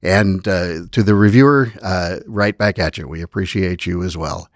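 A man hosting a podcast, thanking guests and signing off in a friendly, relaxed way. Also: sits low, moderate pace, no room sound, studio quality. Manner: friendly, relaxed host with frequent "uh" fillers. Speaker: podcast host. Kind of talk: podcast wrap-up and sign-off.

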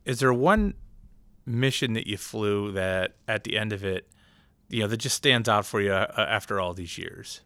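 Casting: male host, low and bright, easygoing with guests, dry sound. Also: animated, moderate pace, clean tone, no echo. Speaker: interview host. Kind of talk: casual interview.

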